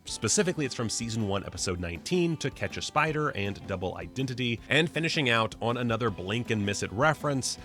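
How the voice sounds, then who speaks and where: A man hosting a casual pop-culture video, talking in a chatty, joking, excitable way. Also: mid-range voice, quick pace, few pauses, faint music behind. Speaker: film video host.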